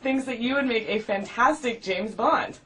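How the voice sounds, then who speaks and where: A woman interviewer asking questions in a brisk, friendly way. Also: fairly high pitch, fairly bright tone.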